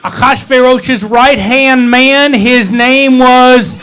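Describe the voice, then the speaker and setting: A man's voice: extremely high pitch, fairly even intonation, slow, fairly bright tone, smooth, rough recording. A man leading a congregation, retelling a scripture story in a playful, joking way full of wry asides. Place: synagogue hall.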